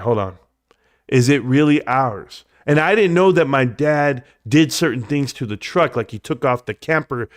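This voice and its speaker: His pitch bounces around a lot as this livestreamer spins out a lengthy story, leaping upward every time he plays out someone's words. He wanders off on tangents and lowers his voice for quiet asides, all recorded close and dry without any room echo.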